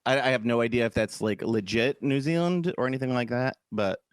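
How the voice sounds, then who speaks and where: A man's voice: mid-range voice, a little fast, clear, resonant tone, no echo. A man co-hosting a podcast, chatting casually and joking, fond of trying out accents. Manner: animated, joking, tries accents. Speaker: podcast co-host. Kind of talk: casual chat.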